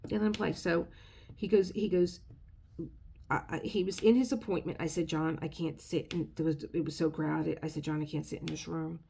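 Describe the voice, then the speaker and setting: Chatty middle-aged woman, gravelly low voice, rambling and emotional, faint hiss behind. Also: fairly even intonation, normal speed, mellow. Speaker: craft video creator. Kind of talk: casual storytelling vlog.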